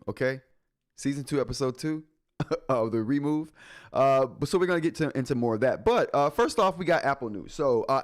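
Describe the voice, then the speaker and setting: A man hosting a live tech show, chatting casually with his viewers, joking and laughing often. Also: mid-range voice. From United States. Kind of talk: casual live-stream chat.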